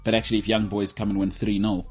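A man's voice: fairly low pitch, little pitch movement, fast talker, a little mellow, slightly rough, faint music behind. A man hosting a casual sports chat, rambling and teasing his co-host with jokes. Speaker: podcast host.

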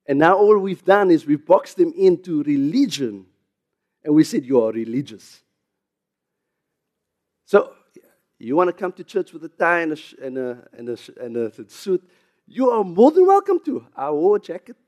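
A South African pastor preaching a sermon, getting louder and higher on emphasis, with chuckles and asides. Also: male voice, lively intonation, normal speed, pauses often, dull audio.

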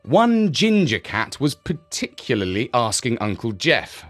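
A man narrating a children's story in a gentle, expressive way. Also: mid-range voice, a little slow, few pauses, faint music behind.

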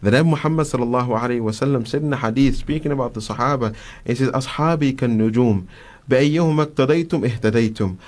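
A man with a South African accent speaks as a studio guest on a radio talk show. He retells religious stories with animation, acting out voices and shouted lines, and fills his pauses with hesitations. His pitch sits mid-range for a man. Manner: animated storyteller, acts out quotes, frequent fillers. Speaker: guest Islamic scholar.

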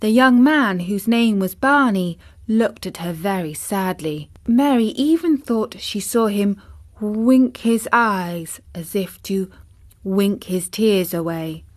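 A woman storyteller reading a children's chapter book aloud in a gentle, measured way. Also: mid-range voice, lively intonation.

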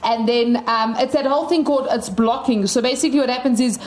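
A woman from South Africa co-hosting a casual film review chat, talking in a lively way and laughing often. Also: on the high side, fast. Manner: chatty, animated, laughs often.

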